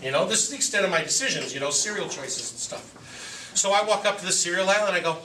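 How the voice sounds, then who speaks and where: A man's voice: high voice, animated, fast talker, sharp tone, a little hiss or hum. A man gives a joking, storytelling talk to a recovery meeting, acting out quotes and his own inner voice. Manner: direct and joking. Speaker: recovery speaker. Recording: echoey room from a distance.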